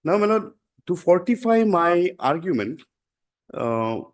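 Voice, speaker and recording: A man with an Indian English accent arguing his own case before a judge, formal and deferential, pausing often and saying "my lord" again and again. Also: a little high, animated. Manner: halting, deferential, repeats 'my lord' constantly. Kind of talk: formal courtroom submission.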